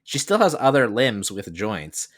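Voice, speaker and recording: A man's voice: on the low side, big pitch swings, a little slow, fairly bright tone. A man co-hosting a podcast in casual chat, rambling with lots of filler words as he reviews an anime. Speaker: podcast co-host.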